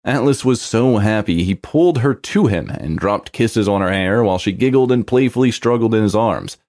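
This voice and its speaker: Story narrator, man, low-pitched, expressive scripted read with animated pitch. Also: moderate pace.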